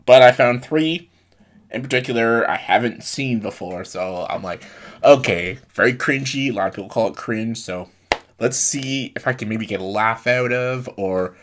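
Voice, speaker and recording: A man with a fairly low voice talks casually to his viewers as a reaction host. He strings his thoughts along with lots of fillers like "like" and "uh.". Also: moderate pace.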